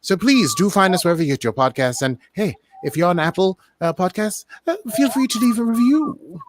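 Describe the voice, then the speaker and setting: A man's voice: high-pitched, expressive, brisk, slight background noise. A man co-hosting a podcast in casual chat, rambling with many fillers and restarts. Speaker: podcast co-host.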